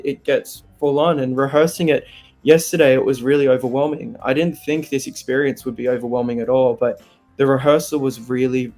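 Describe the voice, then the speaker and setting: A young man with an Australian accent, talking openly and with feeling in an interview, animated and laughing easily. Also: medium pitch. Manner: candid, animated, laughs often. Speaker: interviewee, singer. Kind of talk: open, emotional interview chat.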